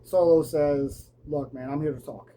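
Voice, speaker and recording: Casting: man, casual wrestling reviewer, slightly high, mellow voice, faint ambient noise. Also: fairly even intonation, moderate pace, rough recording. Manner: casual, lots of ums and restarts, acts out quotes. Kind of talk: casual recap chat.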